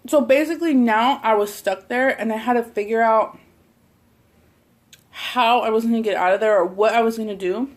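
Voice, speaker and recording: A woman's voice: on the high side, moderate pace. Chatty woman rambling through a story. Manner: rambling, heavy use of "like" and swearing. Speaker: mukbang vlogger. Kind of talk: casual storytelling.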